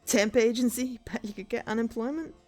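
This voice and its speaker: A woman voicing a calm, caring angel guide in a put-on American accent, gentle and earnest, over faint game music. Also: on the high side, brisk, close to an everyday voice. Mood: wry.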